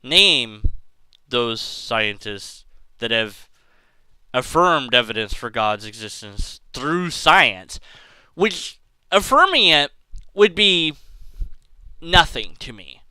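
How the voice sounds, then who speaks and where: A man's voice: medium pitch, very animated, takes it slowly, pauses often, bright, forceful tone, clear, resonant tone, no room sound, rough recording. A man giving sarcastic commentary to camera, reading quotes aloud and rebutting them in an exasperated tone. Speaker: video commentator.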